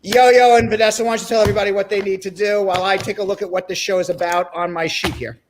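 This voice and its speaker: A high-pitched man from New York hosts a live-stream talk show, chatting loosely and calling out viewers one by one. His talk is casual and full of quick asides. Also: fairly even intonation, background noise. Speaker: host.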